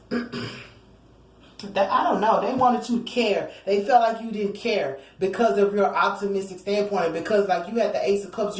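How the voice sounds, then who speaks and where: A tarot reader gives a casual reading in a chatty, slangy manner, acting out what people might say and singing snatches of songs. Her voice is medium-pitched with a darkish tone, and the audio is poor with a roomy sound.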